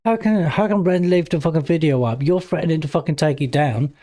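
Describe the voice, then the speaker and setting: Brief: male reaction host, fairly high but mellow voice, indignant and profane. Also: a little fast, dry recording. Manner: indignant, swears heavily. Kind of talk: reaction commentary.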